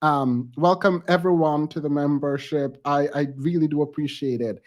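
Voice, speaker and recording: A man hosting a live stream, touched and thankful, halting and close to tears as he signs off with casual talk. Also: fairly high pitch, steady tone.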